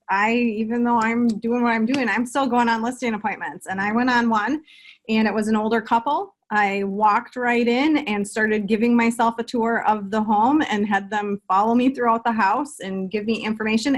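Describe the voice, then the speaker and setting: Slightly high-voiced thoughtful woman agent. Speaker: real estate agent, interviewer. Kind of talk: conversational interview.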